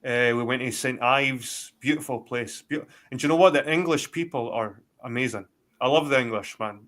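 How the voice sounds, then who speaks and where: A man's voice: mid-range voice, normal speed, fairly bright tone. A man with a Scottish accent, talking bluntly in a rambling, heavily sworn live-stream chat. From Scotland. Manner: blunt, heavy swearing, rambling. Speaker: guest.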